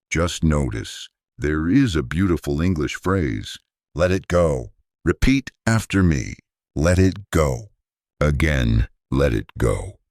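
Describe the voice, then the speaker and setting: Very deep, slow, calm male teacher. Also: no echo, clean studio sound. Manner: calm, gentle, deliberate with repeat-after-me drills. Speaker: English teacher. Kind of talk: slow graded-reader narration.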